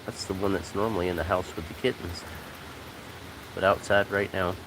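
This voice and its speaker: A man chatting casually on a live stream from a porch, talking to his cats and his viewers in a relaxed, rambling way. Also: sits low, normal speed. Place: outdoors on a porch in the rain. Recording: rain noise outdoors. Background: rain.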